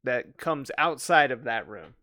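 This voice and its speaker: A man's voice: medium pitch, expressive, unhurried, bright, forceful tone, no echo, studio quality. A man narrating as game master for a tabletop game, describing the action and clarifying the rules.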